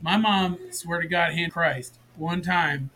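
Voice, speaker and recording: A man co-hosting a podcast, talking in a loud, profane, joking way. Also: fairly high pitch, takes it slowly, slight background noise. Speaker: podcast co-host. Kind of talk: rowdy casual chat.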